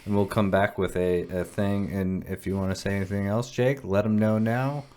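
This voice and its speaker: A man's voice: on the low side, fairly even intonation, moderate pace, darkish tone. A man co-hosting a casual podcast, rambling and restarting his sentences, with casual swearing. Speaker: podcast co-host. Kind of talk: casual chat.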